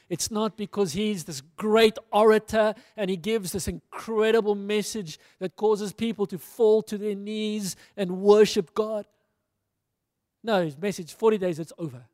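High-voiced preacher in a reverberant hall. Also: male voice, darkish tone. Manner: casual storytelling, acting out dialogue. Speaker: pastor. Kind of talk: sermon.

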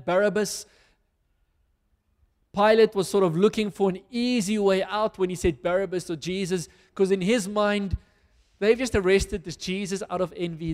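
High-voiced pastor preaching in a hall. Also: male voice, darkish tone. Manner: earnest, reads scripture then applies it to listeners. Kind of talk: sermon.

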